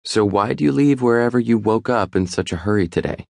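A man voicing a sharp, observant young woman who questions bluntly in audiobook dialogue. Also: on the low side, creaky, dry recording, studio quality, voice pushed up. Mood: probing. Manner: brisk, deductive questioning.

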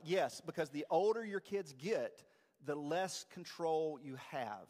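A man's voice: on the high side, slow pace. Conversational man preaching in a reverberant church. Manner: conversational, self-deprecating, animated. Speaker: pastor. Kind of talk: sermon. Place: church sanctuary.

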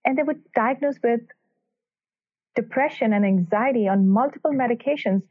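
A woman's voice: fairly high pitch, moderate pace. A woman cardiologist answering podcast interview questions in an earnest, emphatic way, telling stories about her patients. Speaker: cardiac electrophysiologist guest. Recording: tinny phone-line sound.

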